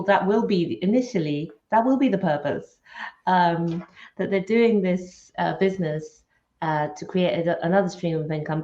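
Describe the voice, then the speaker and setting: A woman's voice: sits low, a little mellow, highs cut off. A woman co-hosting a podcast interview, chatty and often restarting her sentences. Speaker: podcast co-host. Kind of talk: interview conversation.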